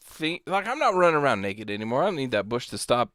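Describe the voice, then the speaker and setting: A man's voice: medium pitch, big pitch swings, quick pace, fairly bright tone, dry recording, clean studio sound. A man co-hosting a podcast, arguing his points in rambling explanations full of restarts. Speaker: podcast co-host. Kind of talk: crude casual podcast banter.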